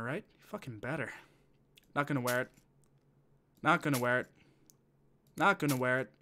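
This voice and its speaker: A man in his 20s with a medium-pitched, fairly bright voice plays a game on stream. He chats and swears casually, thinking aloud as he goes.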